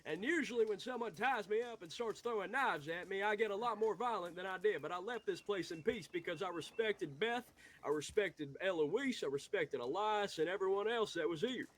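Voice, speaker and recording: Hot-headed young outlaw, played by a man, slightly high voice, heated and rambling. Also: animated, normal speed, fairly bright tone. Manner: rambling, heated, swearing, restarting words. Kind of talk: Western role-play.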